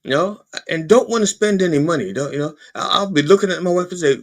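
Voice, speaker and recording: A man hosting a podcast, delivering an animated, profane comedic political rant with frequent stammered restarts. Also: a little high, fast talker, few pauses. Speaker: podcast host.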